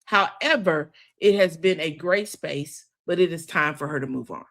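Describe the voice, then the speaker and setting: A woman's voice: low-pitched, moderate pace, gravelly, fairly bright tone. A woman hosting a casual recap of a reality TV episode, chatty and opinionated, often calling her listeners "child" and "girl.".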